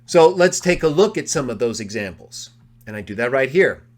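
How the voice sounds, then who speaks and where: A man presenting a live study of biblical grammar, walking through his notes and slowly repeating quoted phrases for emphasis. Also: mid-range voice, big pitch swings. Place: live online discussion.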